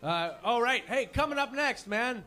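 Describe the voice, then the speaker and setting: A Canadian man emceeing a comedy night, loud and joking as he hypes the crowd and introduces acts. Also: very high-pitched, expressive, moderate pace. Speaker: comedy show host.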